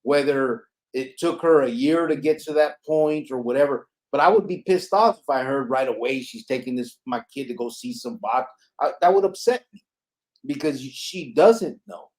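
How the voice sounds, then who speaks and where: A man's voice: mid-range voice, lively intonation, moderate pace, darkish tone. A man hosting a podcast, making his point with emphatic rhetorical questions. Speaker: podcast host. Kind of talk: casual chat.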